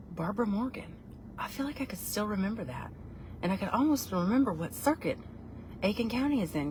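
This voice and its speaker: With slight background noise, a woman with a mid-range voice chats casually with viewers on a livestream. She rambles and pokes fun at herself.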